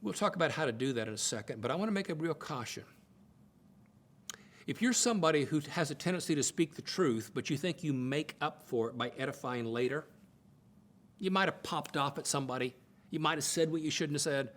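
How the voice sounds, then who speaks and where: A middle-aged man teaching on marriage in a conversational preaching style, stressing points by repeating phrases and jumping in pitch. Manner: emphatic, repeats phrases for stress, jumps to high excited pitch. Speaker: Bible teacher.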